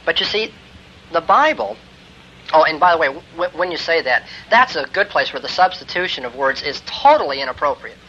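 Emphatic man lecturing on ethics, bright voice. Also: on the high side, lively intonation, brisk. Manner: emphatic, builds to forceful exclamations. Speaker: theology lecturer. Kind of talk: classroom lecture on Christian ethics. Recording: dull lo-fi lecture tape with faint hiss.

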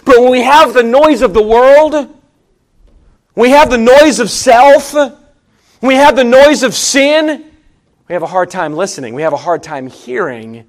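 A middle-aged male pastor preaching a sermon in a conversational way, repeating his phrases and swinging between emphatic rises and low, quiet asides.

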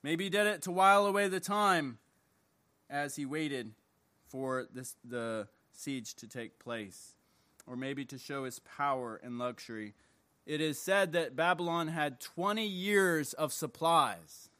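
A man preaching an evening sermon, reading scripture and praying in slow, deliberate, emphatic phrases. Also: a little high, pushed and bright. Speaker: pastor. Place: church service.

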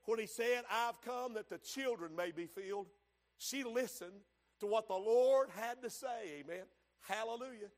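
A man's voice: very high-pitched, a bit bright. A man preaching a fervent revival sermon in a church, emphatic and full of amens and hallelujahs. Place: church sanctuary. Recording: long hall reverb in a church.

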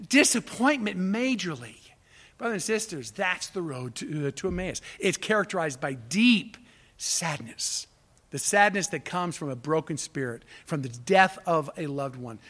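Impassioned high-voiced male preacher. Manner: impassioned, rising to near shouts on quoted cries. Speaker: pastor. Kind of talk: sermon.

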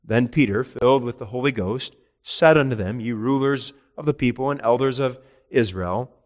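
Guy preaching a bible sermon, reads the verses then explains, gets loud and emphatic then drops quiet, mid pitched voice. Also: normal speed. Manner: reads scripture in old-style wording, then explains. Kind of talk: expository sermon.

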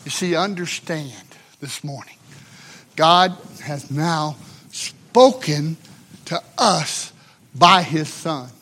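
A man preaching a sermon, swinging between shouted emphasis and hushed, drawn-out passages. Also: a little high, animated, breathy edge.

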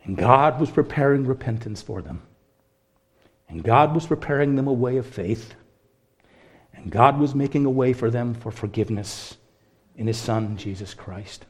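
A man preaching a sermon as pastor, impassioned, swinging between hushed, quiet passages and ringing, raised ones. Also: medium pitch, expressive, moderate pace, slightly rough.

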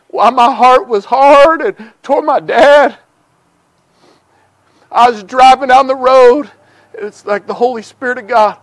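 High-voiced fervent male revival preacher. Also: measured pace, pauses often, no echo. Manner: swings from hushed storytelling to fervent shouting. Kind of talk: revival sermon.

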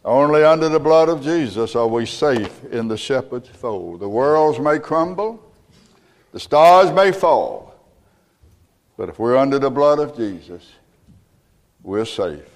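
A man preaching a sermon as pastor, emphatic and building to loud peaks. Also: medium pitch, lively intonation, measured pace, big-room sound. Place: church.

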